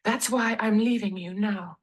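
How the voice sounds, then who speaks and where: An actress playing a young Victorian wife who speaks in a calm, firm, resolute way. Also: female voice, mid-range voice, measured pace, close to an everyday voice, low-quality recording. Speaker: actress in a filmed play.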